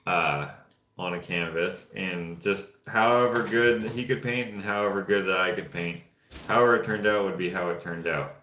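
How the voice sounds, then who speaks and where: A lower-voiced young man from Canada, talking in a loose, rambling way while he paints. His voice bounces around an echoey room. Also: normal speed, sharp tone, a little hiss or hum. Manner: rambling, offhand storytelling while painting figures. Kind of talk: casual chat. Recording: roomy echo.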